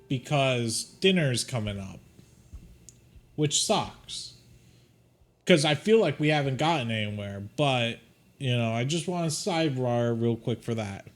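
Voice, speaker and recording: A young man doing casual, joking commentary as he plays a game and reads its dialogue aloud. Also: medium pitch. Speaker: gaming streamer. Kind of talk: casual let's-play commentary, reading game text aloud.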